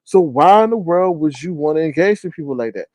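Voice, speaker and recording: A man in a casual livestream, giving animated, slangy commentary and often mimicking others in high voices. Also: brisk, no room sound.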